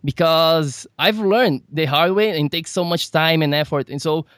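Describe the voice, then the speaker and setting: A man's voice: a little high, normal speed, fairly bright tone, no room sound, studio quality. Casual male podcast host. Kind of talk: podcast interview.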